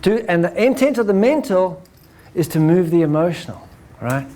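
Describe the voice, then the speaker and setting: A man giving a lecture to an audience, animated, acting out examples and ending points with "right?". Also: high-pitched, moderate pace. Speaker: speaker.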